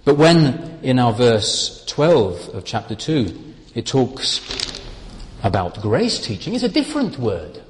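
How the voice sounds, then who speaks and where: Slow, lively-voiced male preacher. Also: mid-range voice, long reverb tail. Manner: slow, deliberate, emphatic phrasing. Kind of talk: Bible teaching sermon.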